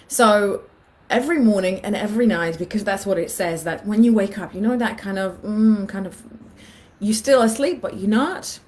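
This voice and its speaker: A woman's voice: medium pitch, moderate pace, a little mellow. A woman in her thirties telling a personal story in a casual vlog, animatedly acting out her own thoughts. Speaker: vlogger.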